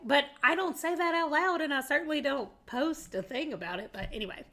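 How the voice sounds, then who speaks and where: A chatty woman from southeastern Arkansas, talking in a Southern US accent. Her voice is bright and a touch high, and she rambles along in casual talk to camera, laughing easily and calling her viewers y'all. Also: animated, moderate pace. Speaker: booktuber.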